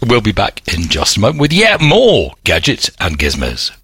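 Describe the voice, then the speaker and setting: A man's voice: fairly low pitch, wildly swooping pitch, moderate pace. A man co-hosting a radio gadget show, trading dry self-mocking banter. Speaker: radio co-host. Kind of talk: casual radio chat. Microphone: studio mic.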